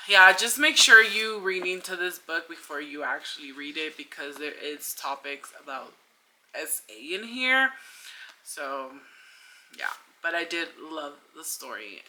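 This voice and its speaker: A woman's voice: lowish voice, bright, forceful tone, slight background noise. A young woman in a casual book review vlog, chatty and gushing, with lots of filler words. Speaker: book vlogger.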